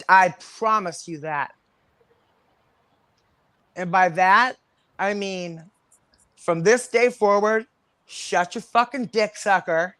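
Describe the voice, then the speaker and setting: A woman's voice: medium pitch, fairly bright tone, no echo. Angry woman ranting on a livestream. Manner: angry, confrontational, heavy swearing. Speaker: guest on a livestream panel. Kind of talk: heated livestream rant.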